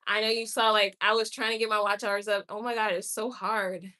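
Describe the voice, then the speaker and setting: A woman's voice: mid-range voice, little pitch movement, bright, forceful tone. A woman chatting casually on a live stream and reacting candidly to viewer comments. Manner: chatty and candid, with quick laughs and exclamations. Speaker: livestreamer.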